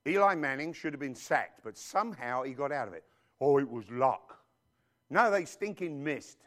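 A man preaching a sermon, emphatic and animated, throwing rhetorical questions at his congregation. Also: a little high.

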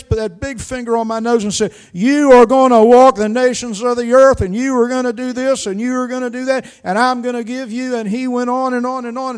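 Older preacher, high voice, dramatic. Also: male voice. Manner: dramatic storytelling with sharp swings in loudness. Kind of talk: sermon.

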